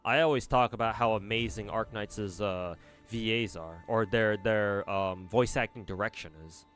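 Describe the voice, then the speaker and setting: A man's voice: lowish voice, normal speed, fairly bright tone, smooth, faint music behind. A young man streaming games, rambling casually, swearing and answering chat messages. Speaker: gacha game streamer.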